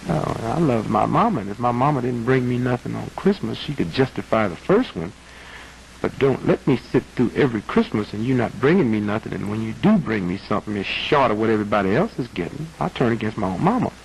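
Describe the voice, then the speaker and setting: Gravelly man with emphatic delivery. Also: mid-range voice, expressive, a little fast, rough recording. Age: 30s. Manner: emphatic, rising to preacherly intensity. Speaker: interviewee. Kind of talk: archival interview, impassioned argument. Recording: archival broadcast audio with faint noise.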